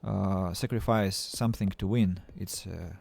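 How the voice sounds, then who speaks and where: Halting man streaming a game. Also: sits low, fairly even intonation, gravelly, darkish tone. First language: Russian. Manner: halting, stammering restarts, playful self-mocking. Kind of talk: casual game-stream chat.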